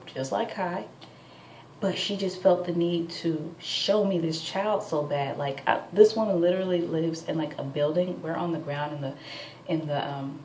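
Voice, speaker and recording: A woman's voice: deep voice, darkish tone, recorded from a distance. A tired young woman in her twenties venting to camera at home late at night, chatty and full of fillers. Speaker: vlogger. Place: at home, indoors. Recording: echoey room, off-mic, faint background noise.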